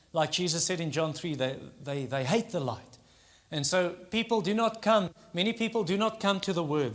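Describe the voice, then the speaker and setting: An Afrikaans-accented man preaching to his congregation, a native Afrikaans speaker. His voice sits a little high for a man. He teaches earnestly and often repeats a word while working toward his point. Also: fairly bright tone. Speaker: pastor. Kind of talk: sermon.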